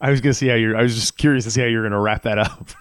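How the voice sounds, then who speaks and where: A man's voice: mid-range voice, steady tone, very fast, smooth, no room sound, studio quality. A man guesting on a casual podcast, wry and laid-back, cracking jokes.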